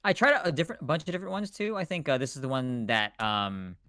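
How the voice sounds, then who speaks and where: A man coding on a livestream, chatting casually and thinking aloud, quick to laugh. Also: medium pitch, pushed and bright, dry recording, clean studio sound. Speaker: co-host writing the code on a livestream. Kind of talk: casual chat while coding.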